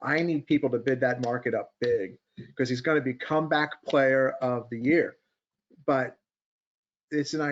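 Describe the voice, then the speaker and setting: In a casual podcast conversation about stock charts, the host, a man with a medium-pitched voice, reasons out loud and keeps drawing his co-hosts in for their views. The recording has its high frequencies cut off.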